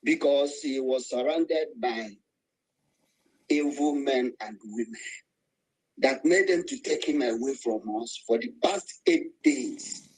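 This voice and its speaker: Speaking slowly in a mid-range, darkish voice with a breathy edge, this man has a Nigerian Igbo accent, and the recording is rough. In an online activist voice room he gives an angry, emotional, preaching speech, calling out to listeners and rising to cries.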